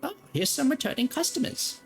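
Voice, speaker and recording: A man's voice: very high voice, expressive, a little fast, gravelly, soft background music, voice pushed up, heavily acted. A man voicing a cheery, sly middle-aged woman trader in a sing-song, overly sweet way. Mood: sweetly cheery.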